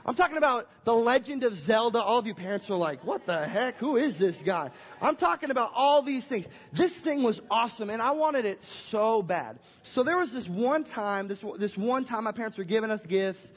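High-voiced energetic young pastor, echoey hall. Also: male voice, normal speed, hardly any pauses. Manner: energetic and playful, acting out scenes. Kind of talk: family Christmas sermon. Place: church hall. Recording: echoey hall with long reverb.

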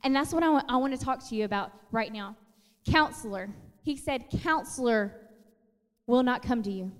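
A woman in her thirties delivers a casual sermon, storytelling in a chatty, animated way. Her voice sits high, and the recording carries a long hall reverb. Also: normal speed. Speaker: preacher.

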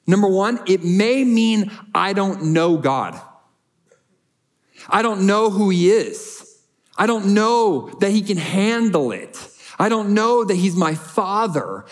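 A man preaching a sermon at an unhurried pace, his voice sitting a little higher than most men's. He leans into each point with earnest emphasis and repeats short phrases to drive them home. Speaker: pastor.

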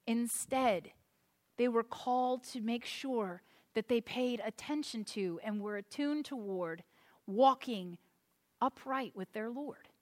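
A woman's voice: a little high, slow pace. A woman pastor preaching a sermon, earnest and emphatic, often repeating a point for weight.

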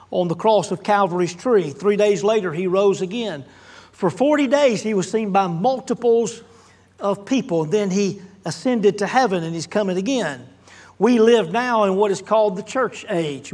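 A pastor preaching a sermon with earnest emphasis that rises and falls, with asides to his congregation. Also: high-pitched.

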